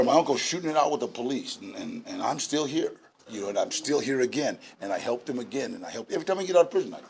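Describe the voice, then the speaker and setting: A man in his sixties telling his story at a recovery meeting, animated and laughing, with shouted bursts. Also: medium pitch, gravelly, noisy background. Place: large indoor meeting room.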